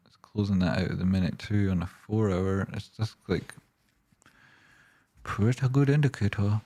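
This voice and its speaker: A man's voice: fairly low pitch, normal speed, mellow. A man hosting a stock livestream, swearing and ranting, then rambling casually through charts and viewer questions.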